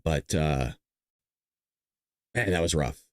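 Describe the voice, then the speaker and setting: A man's voice: very deep voice, expressive, takes it slowly, no echo, studio quality. A man hosting a podcast, talking casually and emotionally, choked up and rambling. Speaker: podcast host. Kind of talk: casual commentary.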